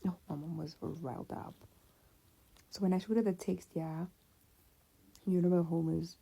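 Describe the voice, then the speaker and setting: A woman's voice: lowish voice, normal speed, vocal fry, slightly rough. A woman telling a personal story in a casual, slangy, conversational way. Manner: slangy, conversational, animated retelling.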